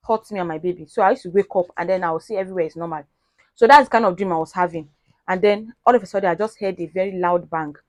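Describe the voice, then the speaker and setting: Chatty Nigerian mom vlogging at home. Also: female voice, mid-range voice, dry recording. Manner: chatty, mixes in Pidgin phrases, scolds gently. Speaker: vlogger and mother. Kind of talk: casual vlog storytelling. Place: home sitting room.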